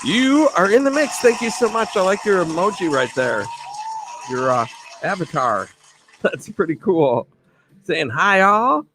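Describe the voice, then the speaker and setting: A man hosting a casual live stream, a bit tipsy, rambling cheerfully through shout-outs to his viewers, with music playing faintly behind. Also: on the high side, sing-song, measured pace, long pauses, background noise. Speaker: livestream host.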